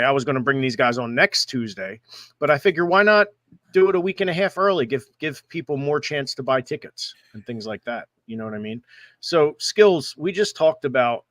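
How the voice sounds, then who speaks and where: Animated man, podcast host, casual chat, mid pitch, dry sound. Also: dry recording.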